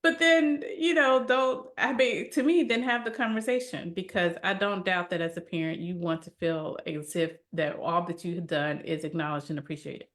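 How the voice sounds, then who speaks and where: A woman co-hosting a casual podcast discussion, teasing and quick, laughing often as she talks. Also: fairly low pitch, steady tone, fairly bright tone. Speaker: co-host.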